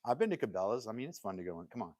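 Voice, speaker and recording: Male live-stream host, low-pitched, dry close sound, loose jokey banter aimed at his chat. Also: very animated, racing, darkish tone, dry recording. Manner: joking, rambling, laughs often and talks straight to chat. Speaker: livestream host. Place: home woodworking workshop.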